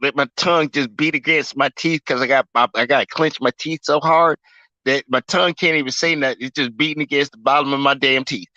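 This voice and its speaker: A fuming man in his forties rants about his team on a sports livestream, swearing with heavy emphasis. His voice is bright and forceful. The sound is dry and somewhat muffled. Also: mid-range voice, fairly even intonation, a little fast, no room sound. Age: 40s. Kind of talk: ranting sports livestream chat.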